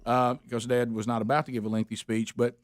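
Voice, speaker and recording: A man's voice: medium pitch, quick pace, no echo, clean studio sound. Man telling stories on radio. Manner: animated anecdote-telling, acting out quotes with laughter. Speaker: radio show host. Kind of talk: casual morning-show storytelling.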